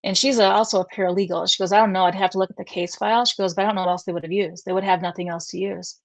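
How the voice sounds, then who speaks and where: A woman's voice: medium pitch, steady tone, rapid-fire, dry recording. A middle-aged woman, a guest on a talk show, earnestly telling a personal story in a conversational way and quoting others at length.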